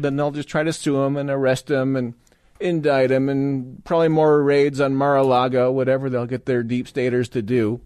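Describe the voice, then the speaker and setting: A man's voice: mid-range voice, a little mellow, dry recording, clean studio sound. A man guest-hosting a political talk radio show, delivering a sarcastic, mocking monologue and mimicking voices.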